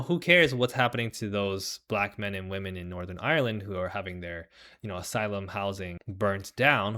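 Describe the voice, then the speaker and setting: A man hosting a livestream, talking in a rambling, animated way with a lot of "right?" and sarcastic mock voices as he reads the chat. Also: on the low side. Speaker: host. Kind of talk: livestream commentary.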